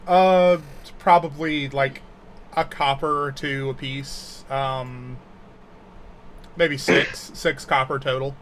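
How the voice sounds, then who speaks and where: A man narrating a tabletop role-playing game as game master, halting and full of fillers. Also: medium pitch, steady tone, fairly bright tone, a little hiss or hum.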